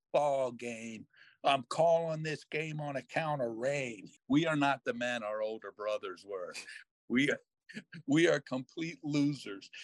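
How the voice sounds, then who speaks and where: An older man hosting a podcast, telling a long story in a lively, self-mocking way and slipping into other people's voices. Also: medium pitch, no room sound. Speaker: podcast host. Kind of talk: storytelling in casual chat.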